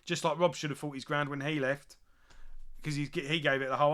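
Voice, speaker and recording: A man's voice: fairly high pitch, steady tone, fairly quick, a bit bright. A man hosting a music channel, chatting casually and enthusiastically with lots of fillers and restarts. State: drinking beer. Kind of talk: casual chat.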